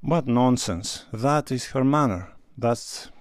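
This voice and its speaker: A man's voice: medium pitch, expressive, slow pace, no room sound, clean studio sound, pitched above the performer's own voice. A man doing a genial teasing nobleman. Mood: breezy.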